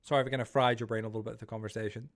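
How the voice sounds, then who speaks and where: A man's voice: on the low side, level tone, rapid-fire. A man streaming live, chatting casually and rambling to his viewers while he plays, easily startled. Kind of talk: casual livestream chat while gaming.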